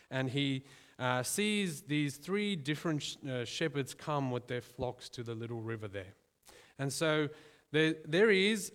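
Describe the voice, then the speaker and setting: A man preaching a sermon in a church, talking conversationally, calling his listeners friends and pausing to stress his points. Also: fairly high pitch, a bit bright, big-room sound.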